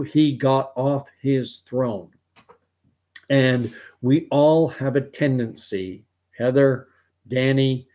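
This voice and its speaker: A man from Canada talks through a livestream, picking up viewer comments and wandering off onto side thoughts. His pitch sits in an ordinary middle range, and his delivery is loose and unhurried. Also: mellow. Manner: rambling and digressive, musing aloud. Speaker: host.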